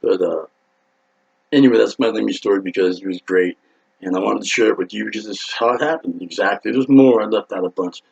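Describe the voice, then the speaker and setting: A man with a low, gravelly, husky voice tells a rowdy story in a loose, rambling way. He swears freely and jumps into loud acted-out quotes. The sound is dull and lo-fi. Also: brisk. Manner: excitable, profane, acts out quotes loudly. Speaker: rock singer telling a story.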